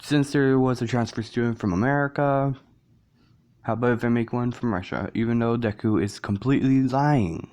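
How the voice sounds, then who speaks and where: A man's voice: medium pitch, moderate pace, darkish tone. A man casually narrating a fan story, rambling and correcting himself as he goes.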